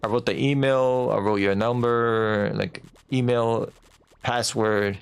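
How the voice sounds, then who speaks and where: A man's voice: mid-range voice, steady tone, slow pace, vocal fry, clear, resonant tone. A man streaming a video game, chatting casually and mocking himself, now and then slipping into silly put-on voices. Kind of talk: casual let's-play chat.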